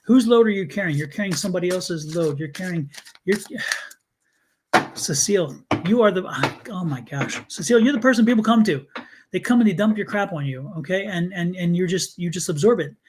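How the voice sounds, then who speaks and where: Earnest male tarot reader, higher voice. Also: expressive, brisk, a little mellow, a little hiss or hum. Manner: earnest, repetitive, addresses viewers by name. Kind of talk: live-stream tarot reading.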